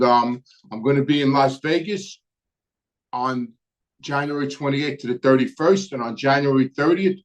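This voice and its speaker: A middle-aged man with a Brooklyn accent, hosting a casual live stream and answering viewer questions in a relaxed, rambling way with many hesitant fillers. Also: medium pitch. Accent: Brooklyn New York. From New York. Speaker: host.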